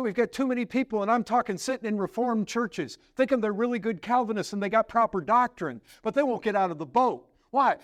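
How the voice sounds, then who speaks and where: A man preaching a sermon as pastor, emphatic and swinging between loud urgent questions and hushed, slow passages. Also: high voice, dry recording, studio quality.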